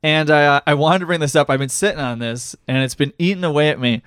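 A man's voice: on the high side, quick pace, a bit bright, smooth, no echo, studio quality. A man hosting a podcast in casual chat, rambling and hesitant with many restarts. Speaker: podcast host.

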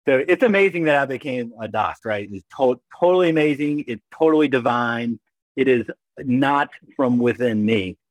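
A middle-aged man from Kentucky, an emergency doctor telling animated, self-deprecating stories as an interview guest. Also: medium pitch, moderate pace, no echo. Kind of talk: casual interview storytelling.

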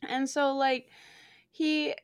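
A young woman with a lilt, talking in a casual, gushing ramble full of "like" and the odd curse. Her voice sits a little high, and the recording is close and dry with no room sound. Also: level tone, slow, no echo. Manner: gushing, swears freely, many fillers. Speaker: podcast co-host reviewing a book. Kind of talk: casual chat.

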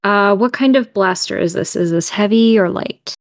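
A woman's voice: mid-range voice, normal speed. A woman playing a tabletop role-playing game, talking casually and a little hesitantly. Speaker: player.

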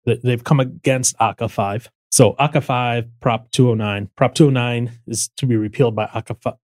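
A man's voice: mid-range voice, steady tone, moderate pace, no room sound. A man hosting a casual political talk, explaining things step by step with frequent restarts. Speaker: podcast host.

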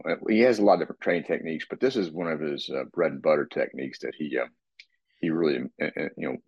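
A man co-hosting a casual podcast, explaining training in a relaxed, rambling way with many restarts. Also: extremely low pitch, breathy edge, no room sound, dull audio. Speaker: co-host, fitness expert.

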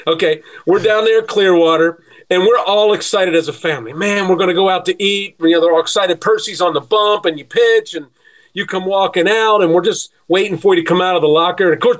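A middle-aged sports agent telling lively stories in casual chat, laughing often. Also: male voice, sits high, fast, low-quality recording. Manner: animated storyteller, laughs often.

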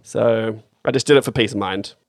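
A man's voice: on the low side, normal speed, no echo, clean studio sound. A young Australian man chatting casually as a podcast co-host, rambling and swearing offhandedly. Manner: laid-back, swears casually, rambling storytelling. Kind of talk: casual chat.

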